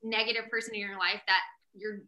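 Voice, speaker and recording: A woman's voice: medium pitch, little pitch movement, fairly quick, sharp tone. A woman hosting a podcast, talkative and passionate, speaking openly in a casual interview chat. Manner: passionate, outspoken. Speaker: podcast host.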